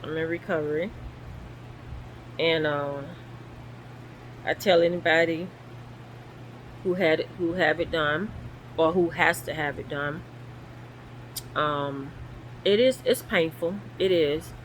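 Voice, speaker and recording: A woman telling her own story in a casual, animated way, acting out the voices of the people in it, while sore and recovering at home. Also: low voice, takes it slowly, long pauses, slight background noise, rough recording. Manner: animated, acts out quoted voices. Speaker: vlogger. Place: guest room at home.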